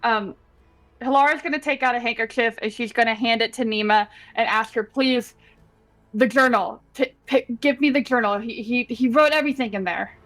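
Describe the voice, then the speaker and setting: Tabletop player, female, slightly high voice, hesitant and casual. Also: normal speed, a bit bright, soft background music. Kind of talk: tabletop game play.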